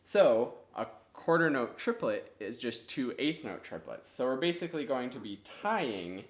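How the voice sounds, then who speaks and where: A man's voice: mid-range voice, very animated, moderate pace. Clarinet teacher man in an echoey room. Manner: patient, explains step by step, counts rhythms aloud. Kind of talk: online music lesson.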